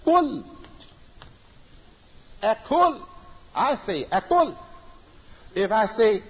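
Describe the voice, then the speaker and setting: A man with a very high, husky voice delivers an emphatic religious lecture, repeating his points in a preaching cadence. His pitch swings widely, and the sound carries a long hall echo. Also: big pitch swings, drawn-out words, pauses often. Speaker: religious teacher. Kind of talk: sermon-style lecture.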